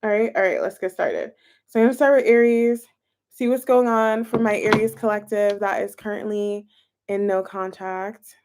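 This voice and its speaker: A young woman streams a casual tarot reading live from home, filmed close up on a phone camera. Her medium-pitched voice is a little mellow and moves at a normal speed as she chats with viewers and thinks aloud over the cards.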